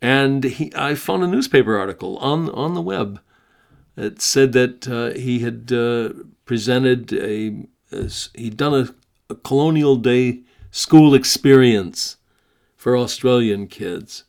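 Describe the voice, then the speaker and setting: An American man hosting a podcast, talking conversationally with many pauses and reading a written story aloud. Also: mid-range voice, creaky, darkish tone. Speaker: podcast host.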